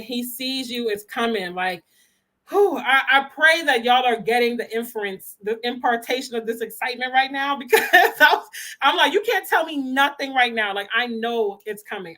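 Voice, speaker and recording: A young woman, chatting casually to her channel about faith, animated and quick to laugh. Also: mid-range voice. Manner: animated, laughs often, talks with youthful slang. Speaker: faith vlogger. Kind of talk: casual chat to camera.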